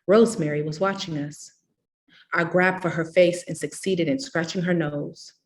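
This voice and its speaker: A woman reads a novel aloud in a measured, expressive way, her voice sitting fairly low. She narrates steadily between the characters' lines, like a public literary reading. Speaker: reader.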